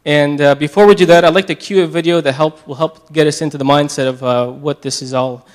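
A man leading a church service as pastor, praying and giving announcements in a halting way with many restarts, getting tearful. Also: a little high, fairly even intonation.

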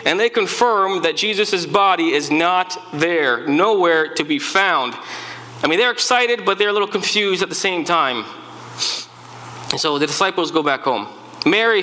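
A man's voice: high-pitched, pushed and bright, in a large hall, a little hiss or hum, rough recording. A man playing an earnest eyewitness follower of Jesus. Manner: earnest storytelling, repeats words when stirred. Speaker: preacher in first-person character. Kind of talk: dramatic first-person sermon monologue.

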